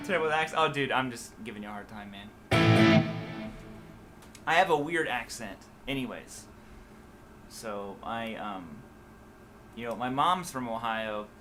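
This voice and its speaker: Bright-voiced man with a Midwest-Southern accent. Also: medium pitch. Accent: mixed Midwest and Southern US. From USA. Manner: rambling, loose, many fillers and restarts. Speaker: guitar teacher answering live chat. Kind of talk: casual livestream chat.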